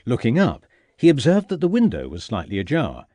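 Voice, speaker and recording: Male narrator for period audiobook, animated pitch, dry close sound. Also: moderate pace, no room sound.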